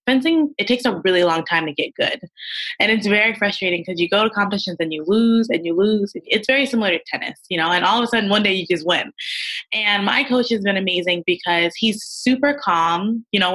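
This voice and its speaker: A woman's voice: medium pitch, poor audio. Earnest young woman interview guest. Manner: earnest, animated when quoting others. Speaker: guest, medical student and fencer. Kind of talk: casual interview chat.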